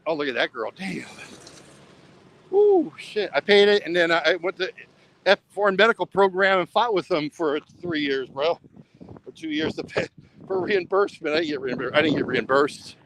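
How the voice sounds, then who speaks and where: With a high-pitched voice whose pitch swoops wildly, this American travel vlogger speaks at a moderate pace with vocal fry and a slightly bright tone. He rambles casually while walking outdoors and in a mini market by a beach, ending nearly every line with "bro." The rough recording has a little hiss or hum.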